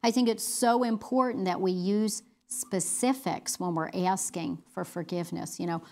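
A woman's voice: on the low side, fairly even intonation, moderate pace, dark tone. Earnest woman teaching a Bible study. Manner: conversational, earnest, with filler words and restarts.

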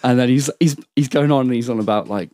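A man's voice: mid-range voice, fast talker, dark tone, no echo. A young man, telling a rambling, sweary anecdote as a podcast guest in casual chat. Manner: rambling anecdotal storytelling, lots of swearing and restarts.

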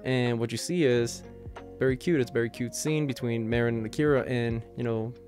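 A man's voice: medium pitch, fairly even intonation, a little fast, a little mellow, faint music behind. A man casually reviewing a manga chapter, enthusiastic and rambling, filling his talk with "you know" and "like".

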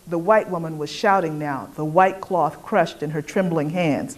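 A woman reading literary fiction aloud at a poetry event, measured and expressive. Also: sits low. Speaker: reader.

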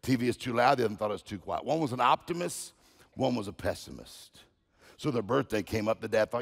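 Gravelly-voiced guest preacher telling stories. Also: male voice, mid-range voice, lively intonation, a little fast, in a large hall. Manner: storytelling, folksy, repeats himself. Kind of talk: sermon with humorous stories.

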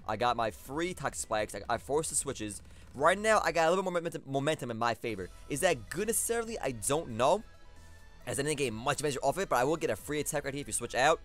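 A young man giving live gameplay commentary, thinking aloud and talking to his opponent with excitable swings of energy. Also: mid-range voice. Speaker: competitive battle commentator.

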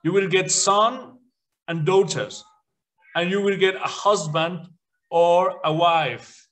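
A man with a fairly high voice teaches beginner English to children at an unhurried pace. His first language is Spanish and his English leans British. He drills word lists clearly but stumbles and restarts words when he speaks freely. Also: fairly bright tone, rough recording. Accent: British-leaning English.

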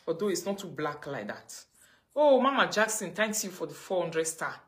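A Nigerian woman ranting on a livestream, mocking and scolding, her voice swinging between loud outbursts and low mutters. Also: sing-song, moderate pace. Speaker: livestream host. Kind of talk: casual livestream rant.

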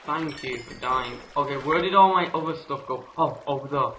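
A man commenting on his own gameplay in an excitable way, yelping and raging at enemies. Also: mid-range voice, normal speed, few pauses, a little hiss or hum, poor audio. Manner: excitable, yelps and rages at enemies. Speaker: gamer. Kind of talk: let's play commentary.

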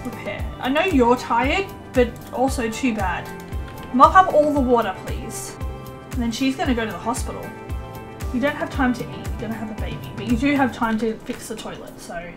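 Excitable woman narrating her gameplay. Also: a little high, a little fast, music in the background. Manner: excitable, chatty, voices her sims in asides. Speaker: let's play host. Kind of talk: casual gameplay commentary.

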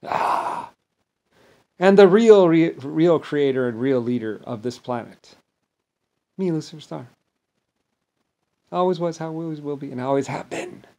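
A man talking in a rambling, grandiose monologue, mostly low and mumbled with sudden loud bursts, mocking others in blah-blah voices. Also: normal speed, long pauses. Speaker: vlogger.

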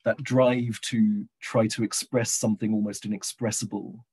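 A middle-aged man giving a reflective lecture over a video call, pausing with hesitant fillers and slowing down when he reads passages aloud. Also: on the low side, little pitch movement, a little mellow, husky, rough recording. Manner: reflective, hesitant, slows down for readings. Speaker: guest lecturer and poet. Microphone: computer mic on a video call.

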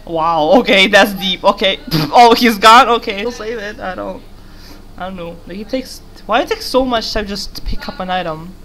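A woman's voice: mid-range voice, normal speed, a crowd in the background. A young woman giving casual, giggly commentary while playing a game, rambling and talking to the character on screen. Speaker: gaming YouTuber.

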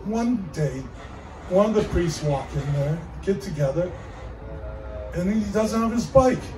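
A man's voice: sits high, animated, measured pace, over music. A man telling old corny jokes as a comedian, chuckling at his own punchlines. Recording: echoey room from far off, faint background noise.

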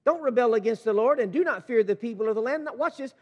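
A man preaching a sermon as pastor, reading scripture and commenting with animated emphasis. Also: very high voice, quick pace, in a large hall. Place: church sanctuary.

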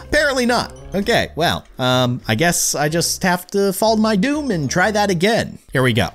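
A man giving excitable let's-play commentary as a gaming YouTuber, pleading with the game and cheering on a teammate. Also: high-pitched, moderate pace, soft background music.

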